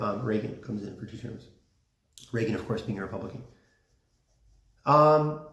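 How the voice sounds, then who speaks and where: A man giving a casual classroom lecture, talking conversationally with many fillers and restarts. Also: mid-range voice. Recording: roomy classroom sound.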